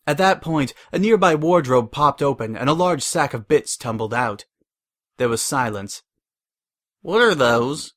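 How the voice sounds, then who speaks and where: A man narrating a dramatic fanfiction reading. His steady storytelling carries a lively rise and fall. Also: mid-range voice, moderate pace.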